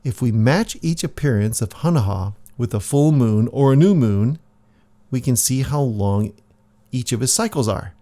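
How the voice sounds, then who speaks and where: A man's voice: medium pitch, animated, moderate pace, warm tone, voice pushed up, close to an everyday voice. A man voicing a small curious boy working something out in wonder.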